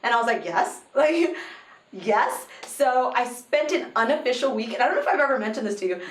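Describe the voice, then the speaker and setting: A young woman recounts her story in a relaxed interview, lively and quick to laugh. She acts out the voices of people she quotes. Her voice comes from a distance, with echo from the room around her. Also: fairly high pitch. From Mexican-American home in a colonia. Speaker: interview guest, university employee and alumna. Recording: roomy, from a distant mic.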